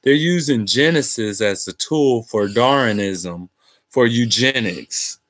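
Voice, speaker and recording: A man's voice: medium pitch, animated, slow, fairly bright tone. A tired man talking in a casual, rambling monologue, cursing freely and using street slang. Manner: profane, meandering, street slang. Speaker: host.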